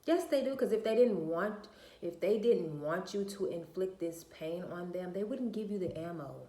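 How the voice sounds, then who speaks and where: A woman's voice: fairly low pitch, normal speed, warm tone, a little hiss or hum. A woman, venting bluntly and profanely to her viewers in a casual rant. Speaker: vlogger. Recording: echoey room.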